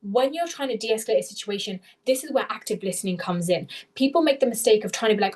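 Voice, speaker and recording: A young woman tutoring interview skills in a live webinar, talking fast with animated, self-correcting explanations over a video call. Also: mid-range voice.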